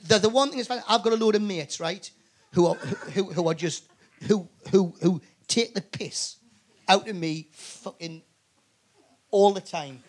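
A man's voice: high-pitched, a little slow. A Geordie man in his sixties, a guest telling rambling, sweary anecdotes full of restarts. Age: 60s. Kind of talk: live comedy podcast interview.

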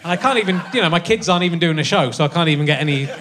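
A man's voice: fairly high pitch, expressive, rapid-fire, very noisy. A middle-aged man hosting a live comedy podcast on stage, wry and teasing, laughing often. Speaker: podcast host. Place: theatre stage before a live audience.

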